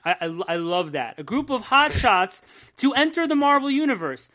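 A man's voice: very high voice, sing-song, normal speed, bright, forceful tone. A young man co-hosting a casual comics news podcast, rambling and joking with a lot of swearing. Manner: rambling, profane, jokey. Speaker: podcast co-host.

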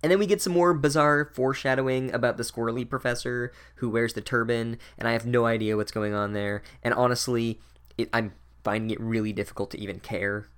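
A man's voice: medium pitch, steady tone, fairly quick, a bit bright, clean tone. A man giving a casual, profane, sardonic recap of a book as a podcast host. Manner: sardonic, swears a lot, wry.

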